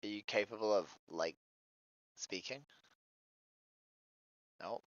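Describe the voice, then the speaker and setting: A man's voice: on the low side, slow pace, fairly bright tone, no echo. A man streaming as a vegan activist, persistently repeating his opener and asking probing questions over voice chat. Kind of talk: street-outreach style questioning on voice chat. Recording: dry lo-fi stream audio.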